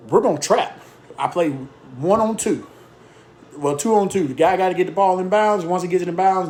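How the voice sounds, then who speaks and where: A man with a slightly high-pitched voice talks shop as a basketball coach. He hammers his points home in short, punchy phrases and rattles off lists of instructions, repeating them for emphasis. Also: darkish tone, slight background noise. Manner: emphatic, repetitive drill-style lists. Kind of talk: casual coaching talk.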